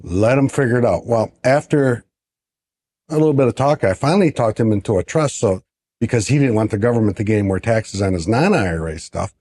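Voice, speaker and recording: Male advisor, mellow, warm tone, relaxed anecdote teller on a podcast. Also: on the low side, brisk, husky. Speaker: financial advisor. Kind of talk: casual podcast storytelling.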